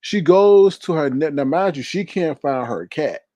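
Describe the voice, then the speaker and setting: A man hosting a casual livestream, retelling a story with lots of laughter and acting out the scenes in high voices. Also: animated, a little slow, warm tone, no room sound, highs cut off. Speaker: livestream host reading viewer comments.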